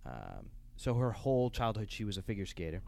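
A man's voice: lowish voice, brisk, creaky. A young man, co-hosting a podcast and talking casually with lots of fillers. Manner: relaxed, rambling with many fillers. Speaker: podcast co-host.

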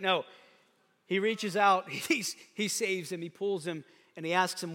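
A man's voice: sits high, steady tone, moderate pace, sharp tone. A man preaching a sermon as pastor, reading scripture aloud with emphatic delivery. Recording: long hall reverb.

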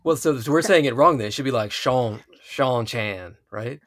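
A man's voice: mid-range voice, fast talker, fairly bright tone. Wry male podcast host. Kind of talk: casual chat.

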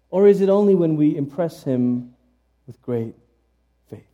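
A man preaching a conversational sermon in an earnest manner, often restarting his sentences and swinging suddenly between soft and emphatic. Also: a little high, animated, unhurried.

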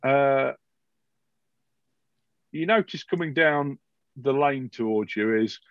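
A man narrating a tabletop game as game master, halting with many fillers. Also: mid-range voice, no room sound, highs cut off.

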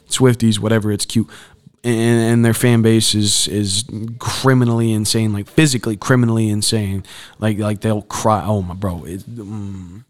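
Young man, solo sports podcast host, casual slangy talk, fairly low voice. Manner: casual, frustrated asides, slangy "bro" talk. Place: campus podcast booth.

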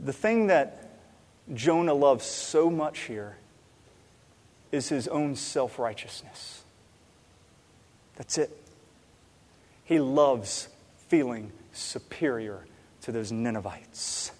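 A man preaching a sermon in a church, animated, swinging between loud emphasis and quiet asides. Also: medium pitch, slow, long pauses. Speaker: pastor. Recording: long reverb in a large hall.

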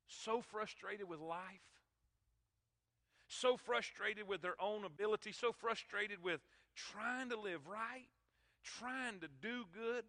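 Bright-voiced preacher in a hall. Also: male voice, high-pitched, slow pace. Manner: emphatic, calls to the congregation. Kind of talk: sermon. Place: church sanctuary. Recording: long hall reverb in church.

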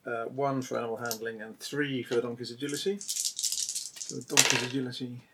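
A man's voice: medium pitch, steady tone, normal speed, a bit bright, slight background noise. A man playing a tabletop game, working through the rules step by step. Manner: methodical, checks rules step by step. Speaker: player. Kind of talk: casual chat at a game table.

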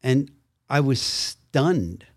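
An older man, both actor and minister, tells stories as a guest on a podcast interview, his mid-range voice drawing out words. The studio-quality recording has no room sound, and he's an animated storyteller who acts out the quotes.

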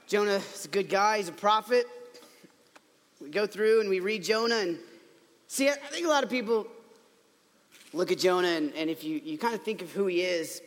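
High bright-voiced man preaching in a hall. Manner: chatty storytelling with playful asides and quick restarts. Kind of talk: casual conversational sermon. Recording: long hall reverb.

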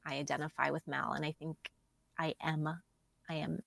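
A woman co-hosting a podcast in casual chat, animated and quick to laugh. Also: sits low, gravelly, no room sound. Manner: animated, laughing, quotes lines in acted voices. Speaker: podcast co-host.

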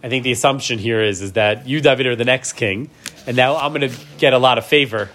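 A man's voice: medium pitch, fast talker, fairly bright tone. Man teaching a text class. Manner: reads Hebrew verses then explains in English, often asks "right?". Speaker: Torah teacher. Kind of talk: class lecture.

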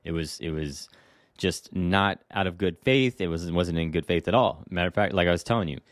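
Deep-voiced blunt man ranting. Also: a little fast, no room sound, clean studio sound. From Hawaii. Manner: blunt, animated, ranting with rhetorical questions. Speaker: podcast host, real estate agent. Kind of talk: casual solo podcast monologue.

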